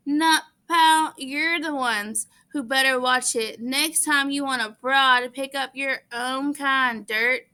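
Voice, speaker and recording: A woman reading aloud and voicing a drunk, sneering rich teenage boy who taunts in a slow drawl. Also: high voice, pushed and bright, clean tone, full character voice. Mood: taunting.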